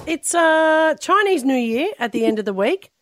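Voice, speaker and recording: A woman's voice: high voice, expressive, moderate pace, fairly bright tone, no echo, studio quality. A woman co-hosting breakfast radio, bubbly and teasing in her banter. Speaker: radio co-host.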